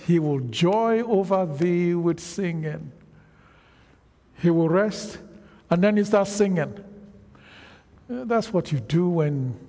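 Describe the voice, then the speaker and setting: A man delivers a sermon at a deliberate, unhurried pace, drawing out his phrases and pausing for the congregation to answer. His voice is a little higher than most men's, yet dark and husky in tone. The sound carries the long reverb of a large hall. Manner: slow, emphatic preaching with frequent call-and-response. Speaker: preacher.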